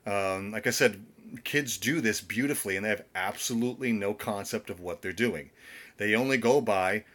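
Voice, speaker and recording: A middle-aged man coaching singers over a live stream from his home, his voice sitting a little low. He talks loosely and rambles, circling back with fillers and restarts as he answers viewers. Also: moderate pace, a bit bright. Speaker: vocal coach.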